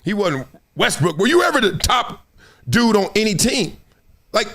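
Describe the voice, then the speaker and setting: A middle-aged man hosting solo sports commentary, animated and fond of acting out quotes in other voices. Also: high-pitched, normal speed.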